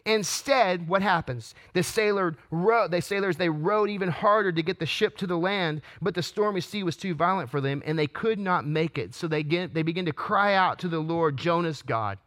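A man's voice: sits high, expressive, moderate pace, fairly bright tone. A man preaching a sermon, asking earnest rhetorical questions and stumbling into restarts as he reads and explains scripture. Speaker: pastor.

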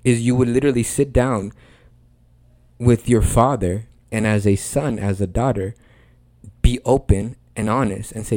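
A man's voice: mid-range voice, normal speed, darkish tone, no echo. A man hosting a Christian podcast, preaching in a conversational way with earnest emphasis and repeated phrases.

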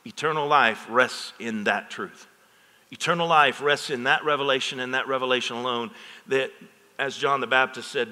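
A man's voice: mid-range voice, steady tone, normal speed, bright, forceful tone. A middle-aged man preaching a sermon as pastor, talking with the congregation and asking for amens. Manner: preaches with call-and-response asides to the congregation. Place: church sanctuary. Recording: long hall reverb.

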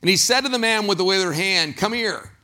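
High, bright-voiced male pastor preaching. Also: fast. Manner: animated, acts out quoted voices and asks the congregation questions. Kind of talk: sermon.

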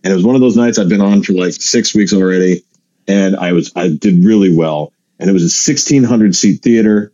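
A man's voice: low voice, fairly quick, lo-fi sound. A male comedian telling stories in casual podcast talk, acting out the lines of other people. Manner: animated storyteller who acts out other people's lines.

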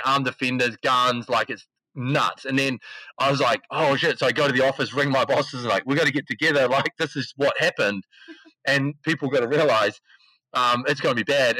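This esports CEO, on a podcast as a guest, uses a mid-range voice to tell an animated, slangy story in which he plays out the quotes. The audio is rough, without echo.

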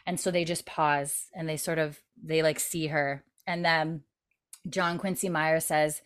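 A woman with a low, smooth voice and fairly even intonation speaks unhurriedly as a podcast co-host. In casual chat she recaps a TV episode in detail, saying "like" constantly and swearing casually.

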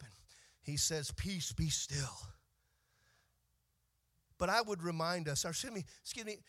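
High, bright-voiced male preacher. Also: gravelly. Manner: rises from quiet reading to shouted, sing-song preaching. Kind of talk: sermon.

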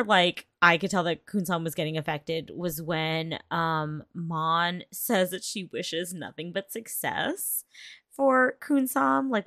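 A woman's voice: on the low side, bright, forceful tone, no room sound, clean studio sound. A woman in casual reaction chat, recapping an emotional series scene with laughs and fillers. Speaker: co-host of a reaction show.

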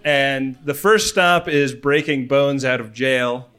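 A man's voice: mid-range voice, takes it slowly, bright, forceful tone, clear, resonant tone. A man co-hosting a casual, laid-back podcast, cracking jokes in a mid-range voice. He rambles a little, restarts his sentences and laughs often. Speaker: podcast co-host. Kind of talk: casual comedic chat.

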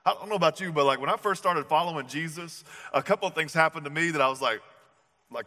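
In a large church hall with echoey acoustics, a male pastor preaches in a casual, chatty storytelling style. His voice sits on the high side, bright and forceful, at a quick pace.

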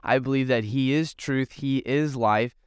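A man's voice: medium pitch, measured pace, clean tone, no echo, clean studio sound. A young man and youth pastor, telling a story in an earnest, rambling way with many fillers. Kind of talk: casual storytelling vlog.

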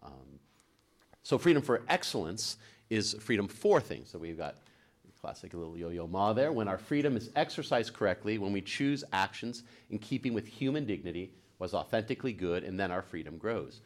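A man's voice: on the low side, expressive, normal speed. A man co-hosting a Catholic talk show, teaching in a chatty way and laughing easily as he tells stories. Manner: chatty storyteller, laughs easily, frequent "right?".

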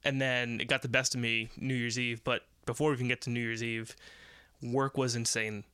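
A man's voice: medium pitch, little pitch movement, normal speed, pushed and bright, smooth, no room sound. Profane rambling man telling work stories. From United States. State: sick with covid. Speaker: podcast host. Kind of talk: casual storytelling monologue.

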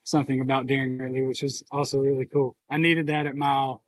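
A man co-hosting a podcast who talks in a reflective, halting way and is emotional and near tears. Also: medium pitch, level tone, no echo, poor audio. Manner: reflective, halting, open about feelings. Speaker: podcast co-host. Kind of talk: casual podcast conversation.

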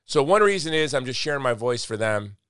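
A man's voice: mid-range voice, sing-song, brisk, fairly bright tone, clear, resonant tone, no echo, clean studio sound. A man hosting a podcast in casual chat, speaking with passion and repeating points for emphasis. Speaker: podcast host.

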